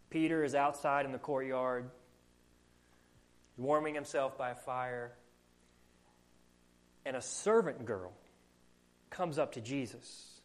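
A man with a Southern US accent preaching a sermon, earnest and full of rhetorical questions. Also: mid-range voice. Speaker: pastor.

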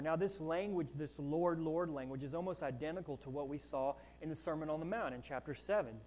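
A man's voice: on the high side, brisk, hardly any pauses, a little mellow, poor audio. A man preaching a sermon in a conversational way, with asides and rising emphasis on key points. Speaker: pastor.

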